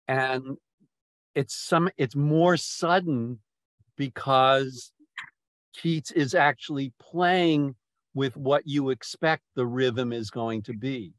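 Man leading a poetry group, unhurried, repeats himself as he thinks; dry close sound. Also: medium pitch, no room sound. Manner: slow, restarting often, lingering over words. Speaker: poetry discussion leader. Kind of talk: thoughtful discussion, halting.

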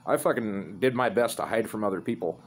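A man's voice: fairly low pitch, fairly quick, a little hiss or hum. A man telling a rambling, profane story in a laid-back, casual way.

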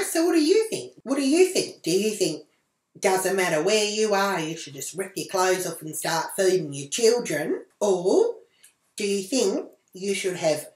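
A woman's voice: medium pitch, darkish tone, roomy sound. Brash, sweary Australian woman vlogger. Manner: brash, crude, swears freely. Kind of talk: foul-mouthed comic rant to camera. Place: small indoor room at home.

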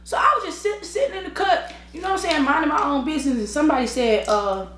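High-voiced and quick, this fatigued mukbang vlogger eats on camera while chatting casually and laughing through slangy stories. She stops to eat and sip between sentences, her storytelling lively throughout. A little hiss or hum sits under her own mic in an echoey room.

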